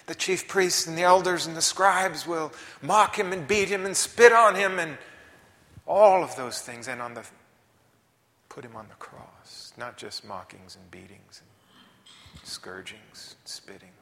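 A man delivers a sermon with a gravelly, fry-edged voice, swinging between hushed whispers and forceful emphasis. The sound carries the long reverb of a large church hall. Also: on the high side, animated, unhurried. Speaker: preacher. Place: church sanctuary.

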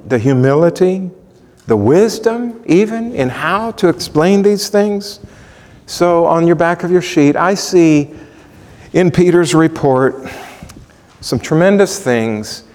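A man's voice: fairly high pitch, darkish tone. A man teaching a Bible sermon, walking listeners through verses and asking the congregation rhetorical questions. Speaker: pastor. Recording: long hall reverb.

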